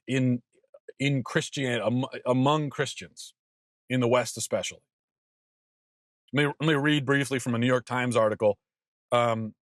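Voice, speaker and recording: A man in his thirties hosts his own show, delivering an emphatic opinion monologue. He repeats himself for stress and stumbles into quick restarts. His voice sits at a middle pitch, and the recording is dry and close. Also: no echo. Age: 30s. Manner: emphatic, repetitive, stammering restarts. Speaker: podcast host.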